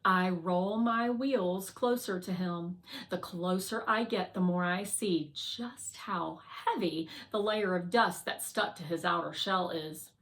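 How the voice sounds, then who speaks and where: Woman reading a kids' book aloud, slow and clear, bright voice. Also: lowish voice. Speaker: read-aloud reader. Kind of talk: children's book read-aloud narration.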